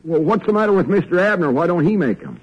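An actor playing a simple, eager young country man, in a husky, stammering drawl, in 1940s radio acting. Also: high voice, lively intonation, poor audio. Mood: earnest. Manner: slow, stammering rural drawl.

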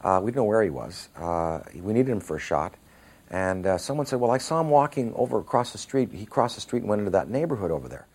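A man's voice: fairly low pitch, big pitch swings, fast talker, darkish tone, slightly rough. A man in an interview, hesitantly telling a story from a film shoot. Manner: hesitant storyteller, many fillers. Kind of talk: anecdotal interview.

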